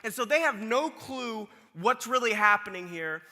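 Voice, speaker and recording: A man preaching a sermon, reading scripture and retelling it in a casual, animated way, acting out the people in the story. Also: high voice, moderate pace, big-room sound. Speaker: pastor.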